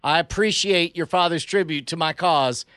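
A man's voice: a little high, moderate pace, fairly bright tone, clear, resonant tone, no echo, studio quality. A man playing a tabletop role-playing game, talking playfully with stammering restarts. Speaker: player. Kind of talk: tabletop role-play chat.

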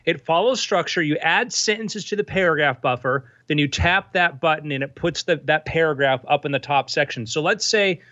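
A man's voice: a little high, moderate pace, hardly any pauses, pushed and bright, no echo, dull audio. A man who built the app, patiently walking the host through how it works. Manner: patient, instructive. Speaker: app developer and guest. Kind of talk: casual explanation, walking through a demo.

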